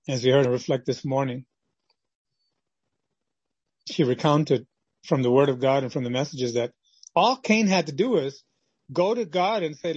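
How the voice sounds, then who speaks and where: A man's voice: medium pitch, moderate pace, pauses often, a little mellow, slightly rough, dry recording, lo-fi sound. A male preacher giving a devotional sermon with passion, acting out the quoted voices of the people in his story. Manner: impassioned, acts out quoted voices of God and Cain.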